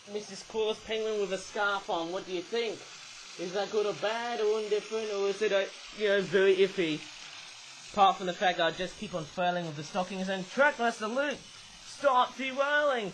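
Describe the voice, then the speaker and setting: A man's voice: high voice, slight background noise, poor audio. A man reviewing toys in a casual vlog, rambling and often searching aloud for the right word, tagging many phrases with a questioning "eh?". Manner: often gropes for words aloud. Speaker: toy reviewer.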